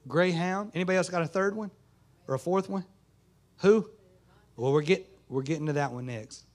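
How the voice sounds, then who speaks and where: A man, a pastor preaching a folksy sermon in a small church. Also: mid-range voice. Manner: folksy Southern preaching, rising to fervent shouts.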